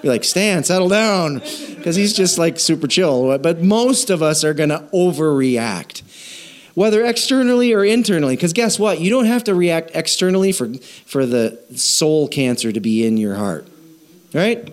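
A male pastor delivers a sermon in a fairly high, very animated voice that swoops and leaps. He jokes with the audience and keeps slipping into quick acted-out voices. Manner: animated, jokey, acts out quoted voices, asks the audience.

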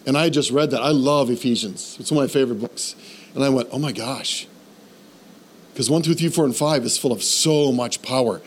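A man preaching a sermon in a church, animated and conversational, asking the congregation questions. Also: mid-range voice, brisk, slight background noise. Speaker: pastor.

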